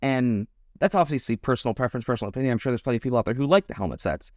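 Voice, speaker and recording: A man's voice: mid-range voice, rapid-fire, a little mellow, no room sound, studio quality. A man co-hosting a podcast in casual chat, rambling and hedging his opinions with many restarts. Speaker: podcast co-host.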